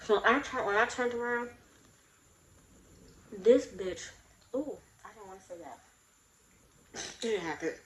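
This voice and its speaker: A woman vlogger telling a storytime in a casual, blunt, animated way, acting out both sides of a quarrel. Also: medium pitch, reverberant, poor audio. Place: room in her home.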